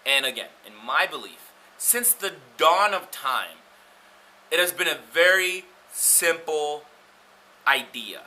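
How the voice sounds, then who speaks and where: A tattoo artist talking casually to camera, blunt and profane, going off on little rants. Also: male voice, on the high side, expressive, slow, bright, forceful tone, rough recording. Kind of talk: casual talk to camera about gear.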